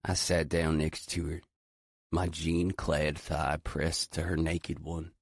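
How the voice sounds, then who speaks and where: Deep, slow, husky male narrator. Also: flat delivery, no echo. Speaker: audiobook narrator. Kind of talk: scripted first-person narration.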